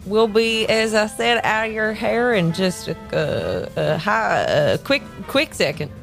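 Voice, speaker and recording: A woman player at a tabletop game speaks in a polite, cheerful way. Her voice has a mid-range pitch. Faint music plays behind her. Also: expressive, measured pace, creaky. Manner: polite, cheerful in-character talk. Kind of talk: tabletop role-play.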